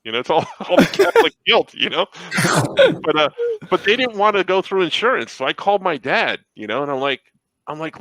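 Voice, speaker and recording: A man chatting casually on a podcast, an animated storyteller who acts out the people he quotes. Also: high voice, brisk, no room sound, rough recording. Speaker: podcast co-host. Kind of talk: casual chat.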